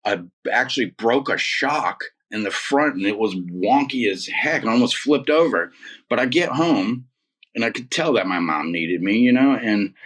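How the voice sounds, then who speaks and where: A medium-pitched, slightly bright voice with a breathy edge belongs to this man in his forties, who tells his story as an interview guest. He keeps it casual and emphatic, dropping "man" and "dude" often, and sits a bit back from the mic.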